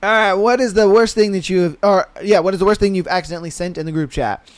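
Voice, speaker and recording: Young man hosting a podcast: high, smooth voice, laid-back slang, quick to laugh, dry close sound. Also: no echo. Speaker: podcast host. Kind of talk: casual solo podcast commentary.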